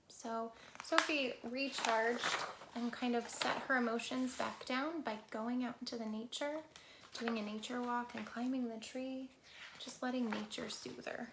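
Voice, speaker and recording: Woman, children's storyteller, high voice, animated read-aloud, whispered asides, echoey room, faint background noise. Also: unhurried, gravelly. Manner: animated, talks straight to children, drops to soft whispers for asides. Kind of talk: reading a picture book aloud to children.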